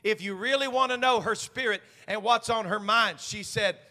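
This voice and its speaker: Man, pastor, very high voice, bright and forceful, fervent sermon, shouting peaks. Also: moderate pace, few pauses, big-room sound. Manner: fervent, swings from quiet asides to shouted climaxes. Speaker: senior pastor. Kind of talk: preaching a sermon. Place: church sanctuary.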